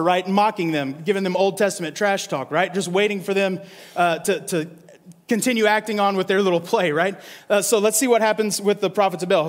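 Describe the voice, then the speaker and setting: A male pastor with a fairly high voice preaches a casual, animated sermon from scripture. He keeps checking in with his listeners by asking "right?". His voice carries a long reverb, as in a large hall.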